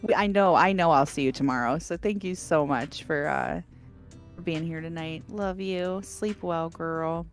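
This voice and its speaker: A woman with a New York accent co-hosting a livestream, reading viewer messages in a bubbly, animated way and laughing often. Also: sits low, a little slow, faint music behind. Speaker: livestream co-host reading chat. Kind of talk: casual livestream chat.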